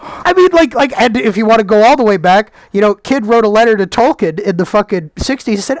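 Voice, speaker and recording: Profane male movie reviewer, sarcastic ranter, swings loud to low; dry close sound. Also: fairly quick, no room sound. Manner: excitable, sarcastic, swears freely, jumps between shouting and muttering. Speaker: film reviewer.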